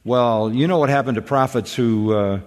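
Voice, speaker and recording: A man's voice: medium pitch, moderate pace. Earnest, emphatic man in a reverberant room. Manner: earnest, emphatic, repeats words when starting. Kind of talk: conversational radio discussion.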